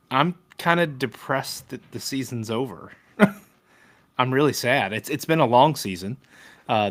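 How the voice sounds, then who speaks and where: A man in his thirties co-hosting a casual sports podcast, chatty and joking, with animated retellings. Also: medium pitch. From Ohio. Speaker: podcast co-host.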